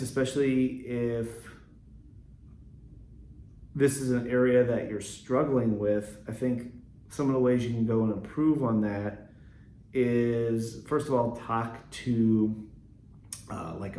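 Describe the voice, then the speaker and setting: A man hosting a reflective solo podcast on leadership, speaking earnestly and at a measured pace, with frequent ums and restarts. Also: medium pitch, a little mellow, echoey room, slight background noise. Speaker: podcast host, Catholic school leader.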